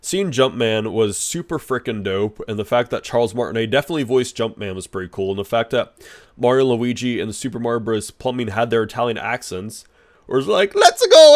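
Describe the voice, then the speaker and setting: A man giving an excitable, rambling movie review, full of restarts and fillers. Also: mid-range voice. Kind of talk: casual spoken review.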